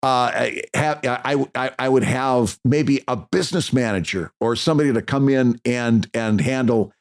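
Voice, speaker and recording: A man's voice: medium pitch, moderate pace. A man co-hosting a podcast in casual chat, blunt and emphatic, restarting his sentences often. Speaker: podcast co-host.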